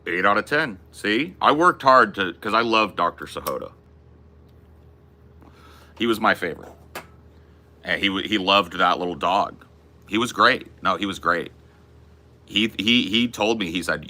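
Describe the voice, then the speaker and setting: Laid-back profane man, bright voice. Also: sits low, lively intonation, moderate pace, long pauses. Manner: profane, laid-back, calls people dude and bro. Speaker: podcast host. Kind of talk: casual chat.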